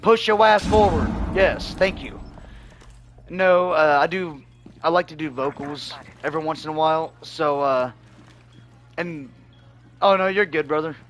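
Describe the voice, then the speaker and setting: A man streaming a video game, chatting casually and telling rambling stories, his voice going hoarse. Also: a little high, measured pace, pauses often, a bit bright. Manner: loose rambling storytelling, laughs often, swears freely. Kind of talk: casual livestream chat while gaming.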